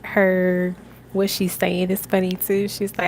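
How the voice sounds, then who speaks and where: Young woman, tarot reader on a live stream; low-ish, gravelly, chatty and casual. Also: little pitch movement, measured pace, a little mellow, slight background noise, rough recording. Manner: casual, chatty, many fillers and laughs.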